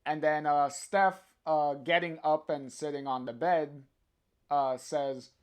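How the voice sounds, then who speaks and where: A livestreamer reads a comic aloud at an unhurried, drawn-out pace. The talk is hesitant and full of filler sounds. It breaks off for chatty asides to the viewers. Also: medium pitch, steady tone, smooth. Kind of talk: reading a comic aloud on stream.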